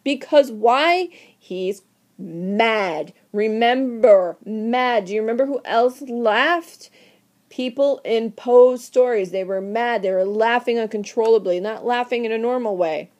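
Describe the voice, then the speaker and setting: A woman teacher lectures with theatrical energy and fires questions at her class. Her voice sits a little high and she pushes every point with emphasis. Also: a little slow, darkish tone. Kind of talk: recorded literature lecture.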